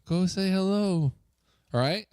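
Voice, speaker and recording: A man leading a youth group as its pastor, upbeat and joking, coaxing the crowd with quick questions. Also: sits high, a little mellow, clean tone, no echo, clean studio sound. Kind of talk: lively talk to a youth group. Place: church youth room.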